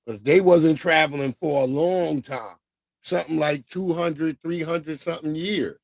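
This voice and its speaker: A man's voice: on the high side, a little slow, vocal fry, dry recording, clean studio sound. A man hosting a livestream, talking loosely and offhandedly in slang to his viewers. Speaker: livestream host. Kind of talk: casual livestream chat.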